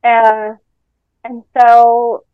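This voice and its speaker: A woman's voice: a little high, monotone, extremely slow, clean tone, dry recording. A woman from Canada, a reality show contestant, chatting casually in a podcast interview, rambling and laughing often. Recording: dull lo-fi call audio.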